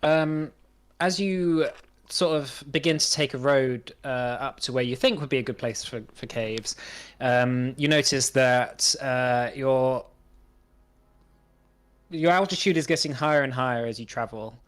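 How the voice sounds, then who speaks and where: A man's voice: mid-range voice, a little slow, smooth. A man narrating as game master of a tabletop game, hesitant, with many fillers and restarts.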